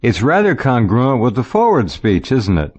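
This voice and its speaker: A man's voice: medium pitch, wildly swooping pitch, moderate pace, a little mellow. A man hosting a radio talk show, chatting casually and often repeating words as he starts a sentence. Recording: dull lo-fi audio.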